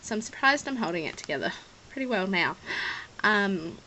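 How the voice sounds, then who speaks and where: Lively intonation, a sharp tone and a mid-range voice at normal speed mark this Australian woman as she shows off a scrapbook. A scrapbooking vlogger, she rambles apologetically and emotionally, nearly crying at times; the recording is rough, with slight background noise.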